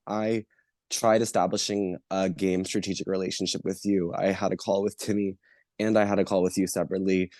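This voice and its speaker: A man with a cold speaks in a very low, mellow voice. He sounds slightly winded and earnest as he questions a finalist from the jury. The sound is close and dry. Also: no echo. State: sick, coughing. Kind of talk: casual online call.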